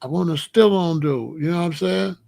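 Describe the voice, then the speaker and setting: A man from the United States hosting a casual monologue, telling stories in an emphatic, profane, animated way. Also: fairly high pitch, brisk, vocal fry. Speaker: commentary host.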